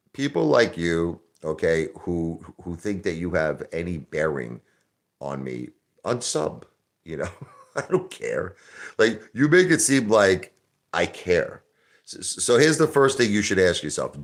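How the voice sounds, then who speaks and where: A man's voice: low-pitched, vocal fry. A man hosting a live stream, ranting in a brash, combative way and repeating himself for emphasis. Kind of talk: casual live-stream rant.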